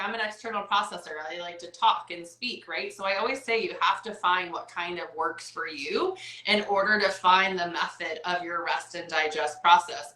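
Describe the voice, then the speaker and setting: A woman's voice: fairly low pitch, sharp tone, reverberant, poor audio. A woman hosting a casual wellness chat over a video call, talking in a chatty, upbeat way with lots of fillers and asides. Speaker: host.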